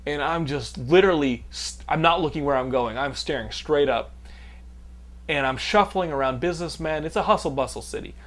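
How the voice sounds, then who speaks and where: A man in his thirties from Texas hosts a casual podcast with a slightly high-pitched voice. He tells his stories loosely and animatedly. He swears freely and laughs often along the way. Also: a little fast, a bit bright. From Austin, Texas. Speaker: podcast host. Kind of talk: casual profane storytelling chat.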